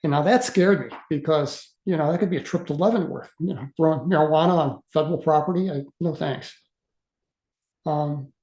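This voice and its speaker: Man in his sixties, halting, mellow voice. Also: on the high side, roomy sound. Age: 60s. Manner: earnest, halting, with frequent uhs and repeated words. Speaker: guest speaker. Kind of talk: casual storytelling.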